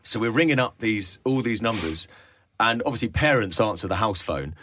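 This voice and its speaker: A man's voice: on the low side, moderate pace. A young man, a radio presenter and podcast guest, telling a story with lots of laughter and acted-out voices. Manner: animated storyteller, acts out voices, laughs often. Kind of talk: casual storytelling chat.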